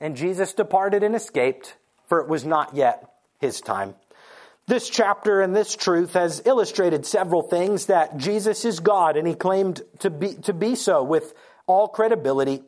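A preacher delivering a morning sermon, telling scripture stories with lively acted-out quotes and slowing down to stress key points. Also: medium pitch. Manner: animated storytelling, acting out quoted lines. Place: church morning service.

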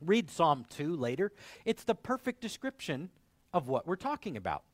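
A man preaching a sermon in an animated way, acting out the dialogue of biblical figures in different voices. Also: on the high side, normal speed. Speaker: pastor.

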